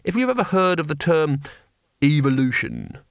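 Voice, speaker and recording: A man voicing a mild, polite former teacher who talks calmly and drily. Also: on the high side, normal speed, no room sound. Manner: calm, dry and polite.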